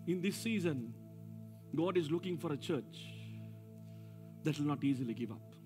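A man, preaching a sermon as pastor, with call-and-response lines, swinging from shouts down to low asides. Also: expressive, normal speed, long pauses, soft background music. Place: church service.

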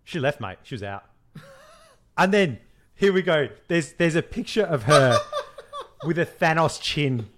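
A man's voice: on the high side, sing-song, measured pace, long pauses, fairly bright tone. A man co-hosting a podcast in casual chat, reading memes aloud with jokes and laughter. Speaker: podcast co-host.

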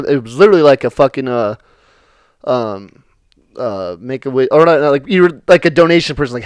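A man's voice: mid-range voice, expressive, fast talker, clear, resonant tone, no echo. An American man hosting a casual chat, telling stories loosely, swearing freely and laughing often. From United States. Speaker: podcast host.

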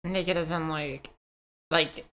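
A woman co-hosting a casual podcast chat, joking dryly and pausing often on fillers. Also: low voice, fairly even intonation, fairly bright tone. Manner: dry, joking, hesitant with fillers.

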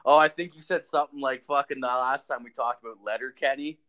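A man's voice: medium pitch, fairly even intonation, fast, sharp tone. Swearing, rambling young man from rural Ontario. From rural Ontario, Canada. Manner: rambling, heavy swearing, laid-back storytelling. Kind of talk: casual chat.

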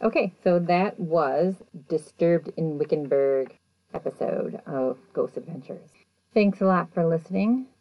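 Woman podcast host, low voice, dry lo-fi home mic, chatty recap. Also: a little slow, dry recording. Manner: chatty, animated retelling with quoted voices. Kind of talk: casual episode recap.

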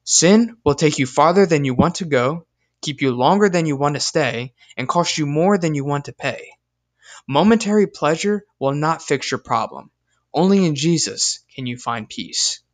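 A young man giving a scripted devotional talk, earnest and emphatic, reading scripture verses deliberately. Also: a little high, expressive. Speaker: speaker in a devotional video.

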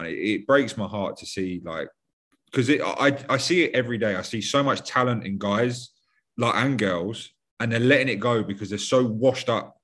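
A man's voice: medium pitch, fairly bright tone. A young British man talking casually on a podcast, rambling and blunt, with lots of fillers and swearing. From United Kingdom.

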